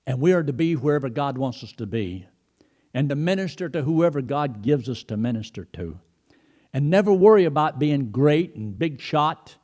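Middle-aged guy preaching, lively up-and-down voice, folksy storytelling. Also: mid-range voice. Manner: animated, folksy anecdotes, retells phone calls in quoted speech. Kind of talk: sermon with storytelling.

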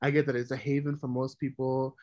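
A woman's voice: very deep voice, little pitch movement, brisk, dark tone, no echo. A woman from New York, a podcast co-host, ranting emphatically and with heavy swearing in casual chat.

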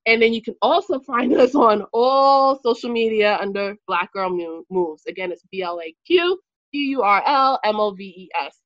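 A woman's voice: fairly high pitch, normal speed, fairly bright tone, no echo, dull audio. A playful woman hosting a casual group podcast, laughing often as she introduces the guests. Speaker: podcast host and company CEO.

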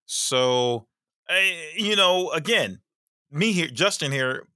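Lively, animated male co-host. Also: fairly high pitch, slow, clean tone, dry recording, studio quality. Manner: lively, animated, repeats words when fired up. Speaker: podcast co-host. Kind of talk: casual podcast chat.

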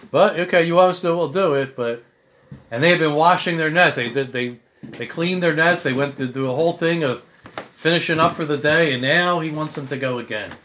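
A man's voice: a little high, fairly bright tone, a little hiss or hum. Man preaching in an earnest, conversational way. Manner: reads scripture, then preaches in a conversational, earnest way. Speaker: pastor. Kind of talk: sermon.

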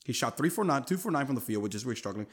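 A man hosting a sports talk show, his pitch swinging up and down as he makes his points. He talks emphatically and leans on casual slang. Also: rapid-fire, husky. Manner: animated, emphatic, street slang. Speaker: podcast host.

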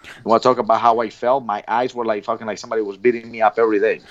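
A man's voice: on the low side, flat delivery, very fast. A middle-aged man from Colombia with a Colombian accent, speaking bluntly as an interview guest, swearing freely and often restarting his sentences. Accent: Colombian Spanish. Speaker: guest, former Olympic athlete. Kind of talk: casual interview talk. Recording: dull lo-fi sound.

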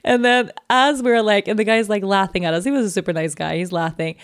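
Chatty woman with a gravelly edge. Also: medium pitch, fast talker, no room sound, studio quality. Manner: chatty, animated, heavy use of "like". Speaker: podcast host. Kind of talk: casual storytelling monologue.

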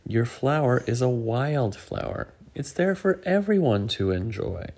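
A man voicing a patient, kindly bird who calmly explains things in a storybook. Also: mid-range voice, measured pace. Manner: calm and explaining.

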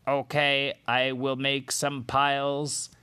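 A man's voice: mid-range voice, completely flat delivery, slow pace, sharp tone, clean tone, voice pushed up. A man voicing a friendly robot in a bedtime story, talking in a stiff, beeping robot manner. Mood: robotic. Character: friendly strawberry-picking robot, tinfoil body, bowl feet.

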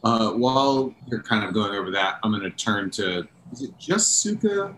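A man's voice: on the low side, animated, moderate pace, background noise. A man playing a tabletop game, asking careful clarifying questions. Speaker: player. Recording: roomy echo.

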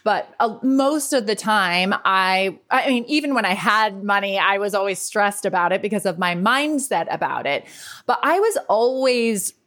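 A woman's voice: medium pitch, animated, normal speed, fairly bright tone. Chatty, candid woman in her thirties. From New York. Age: 30s. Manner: candid, chatty, swears freely. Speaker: life coach and podcast host. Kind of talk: casual podcast monologue.

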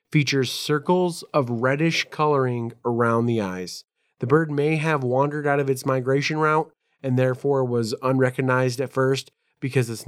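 A man co-hosting a podcast, reading notes aloud and riffing in casual, profane, excitable chat. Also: mid-range voice. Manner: swearing, excitable, ramps up when telling stories. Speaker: podcast co-host.

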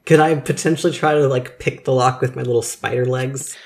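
A man speaks as a player at a tabletop game, halting and full of fillers. His voice sits at a middle pitch. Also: steady tone, vocal fry. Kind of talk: casual chat.

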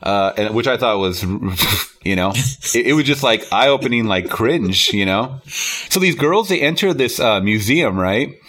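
A man's voice: fairly low pitch, expressive, measured pace, fairly bright tone. A man reviewing a film in casual podcast chat, rambling with lots of fillers and easy laughs.

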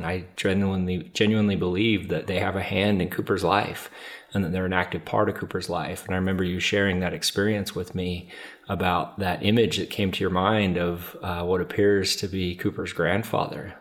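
Deep-voiced earnest man. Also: little pitch movement. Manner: earnest, measured, some repeated words. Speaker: podcast co-host, adoptive father. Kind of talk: reflective conversation.

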